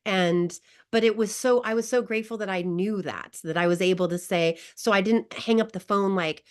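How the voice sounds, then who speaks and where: A woman's voice: mid-range voice, moderate pace, smooth. A woman guest coach who tells a personal story in an online wellness class, emotional and laughing often. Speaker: grief recovery guest coach.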